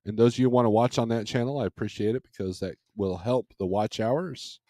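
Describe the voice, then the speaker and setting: A man's voice: mid-range voice, a little fast, dark tone, no room sound, clean studio sound. A man hosting a casual livestream from home, rambling in an easygoing way and chuckling often, speaking into a microphone. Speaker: livestream host. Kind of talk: casual live chat. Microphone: desk microphone.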